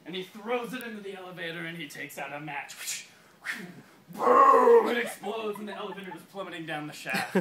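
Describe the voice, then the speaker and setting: A man casually pitching a story to a group, laughing often and restarting his sentences. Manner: giggly, keeps breaking into laughs; halting, many restarts. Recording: echoey room, far from mic, crowd around.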